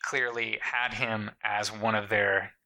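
A man casually telling a story to a friend, swearing a lot and acting out the people in it with sudden high, loud voices. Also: slow, poor audio. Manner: profane, animated, acts out quotes in jumped-up voices. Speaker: podcast co-host telling a story.

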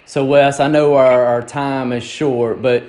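A man's voice: medium pitch, flat delivery, measured pace, darkish tone. A man with a South Mississippi accent hosting a show, asking rambling, folksy questions in casual chat. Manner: rambling, searching for words, folksy. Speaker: radio show host.

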